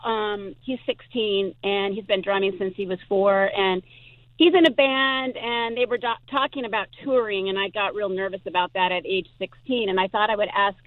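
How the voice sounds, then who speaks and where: A woman calls in to a radio show, gushing and rambling with excitement. Her voice is mid-pitched and comes over a thin, tinny phone line with a dry sound. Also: moderate pace, no room sound. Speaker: caller. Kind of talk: call-in radio chat.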